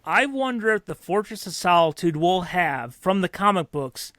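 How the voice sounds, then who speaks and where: A man's voice: high voice, animated, normal speed, a bit bright, dry recording, studio quality. A man co-hosting a podcast, talking casually and rambling with fillers and restarts. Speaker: podcast co-host. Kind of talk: casual chat.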